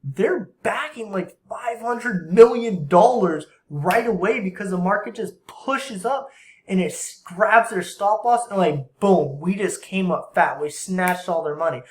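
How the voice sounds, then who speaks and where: A young man with a slightly high voice explains forex trading over a screen recording, casual and slangy. He slips into quick voices for panicking traders and market makers. The room is echoey. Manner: slang-heavy and conversational.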